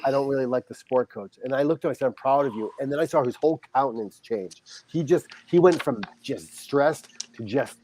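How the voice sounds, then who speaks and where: A middle-aged man, a high school football coach, telling a heartfelt story as a podcast guest and acting out the dialogue. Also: brisk, few pauses, mellow, slight background noise. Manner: earnest, heartfelt, reenacts dialogue.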